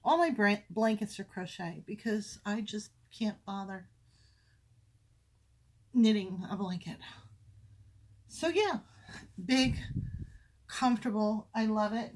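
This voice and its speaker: In an unhurried, mid-range voice broken by long pauses, a crafting podcast host rambles casually through her projects. She's at home in a craft room with windows, catches herself mid-sentence to self-correct, and is momentarily out of breath.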